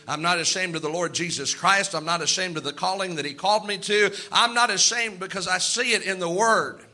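A man's voice: high-pitched, brisk, bright, forceful tone. A male pastor preaching a sermon, repeating lines for emphasis and calling out amens.

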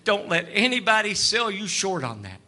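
A man preaching a sermon testimony, telling a story, acting out the dialogue and rising to fervent shouts. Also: high-pitched, very animated, moderate pace. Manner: storytelling, acts out dialogue, rises to shouting fervor.

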